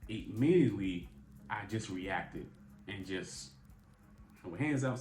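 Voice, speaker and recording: A man's voice: on the low side, lively intonation, takes it slowly, pauses often, a little mellow. A man giving an earnest, conversational faith talk, repeating phrases for emphasis. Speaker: faith vlogger. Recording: echoey room with background music.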